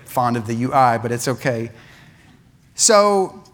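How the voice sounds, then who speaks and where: A man preaching, telling a funny childhood story with lively asides and laughter. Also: medium pitch, measured pace. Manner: animated, laughing at his own story. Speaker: pastor. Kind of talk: sermon storytelling. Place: church sanctuary.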